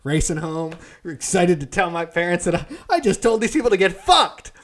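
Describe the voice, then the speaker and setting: Young male co-host, slightly high-pitched, profane and animated storyteller. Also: moderate pace. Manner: profane, animated storyteller who acts out quotes. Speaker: podcast co-host. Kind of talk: casual storytelling chat.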